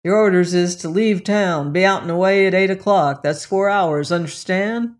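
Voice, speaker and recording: A reader voicing a gruff plainclothes policeman who speaks bluntly in street slang. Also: mid-range voice, moderate pace, natural voice. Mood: curt.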